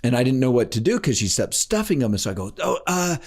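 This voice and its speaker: Animated man telling stories, lively pitch. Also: quick pace. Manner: animated, acts out quoted voices with big pitch jumps. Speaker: guest, life coach. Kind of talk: storytelling in a podcast interview.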